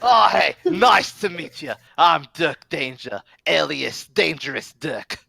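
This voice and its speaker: A man's voice: fairly high pitch, expressive, takes it slowly, creaky, pushed and bright, slightly rough, dry recording, exaggerated voice. A man voicing a cocky, boastful male brawler in tabletop role-play.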